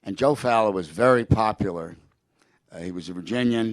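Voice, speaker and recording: Speaking fairly quickly in a lowish voice, an older guest in a public conversation rambles through anecdotes, often restarting and quoting others, a president among them. The recording is dry.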